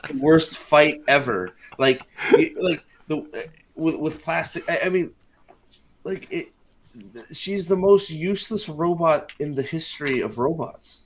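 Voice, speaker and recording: A man's voice: on the high side, unhurried, a little hiss or hum. A man hosting a casual watch-party chat, ranting and mocking the show with lots of swearing. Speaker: host.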